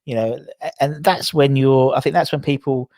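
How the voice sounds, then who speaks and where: A man hosts a casual football podcast, rambling through stories with plenty of fillers and restarts. His mid-range voice is steady and a little mellow, at normal speed, in a dry, studio-quality recording.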